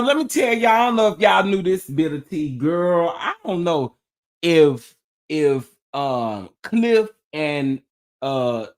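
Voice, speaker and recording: A man hosting a casual gossip chat, telling stories to his viewers with lots of laughing and exclaiming. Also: high-pitched. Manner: animated storytelling, laughing and exclaiming. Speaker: host of a gossip chat show.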